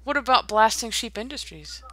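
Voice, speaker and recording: Bright-voiced woman musing while gaming. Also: fairly high pitch, lively intonation, normal speed. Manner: musing, hesitant, giggly. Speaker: Minecraft let's-play host. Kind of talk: casual gameplay chat.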